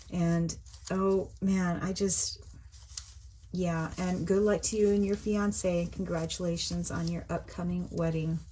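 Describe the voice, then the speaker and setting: A middle-aged woman, chatting excitedly through a craft shopping haul in a casual, gushing way. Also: lowish voice, a little hiss or hum, poor audio. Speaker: craft vlogger.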